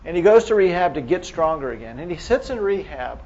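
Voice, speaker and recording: A man's voice: a little high, sing-song, brisk, darkish tone, lo-fi sound. A man giving a live lecture to clinicians, speaking casually and asking the audience rhetorical questions. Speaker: medical lecturer.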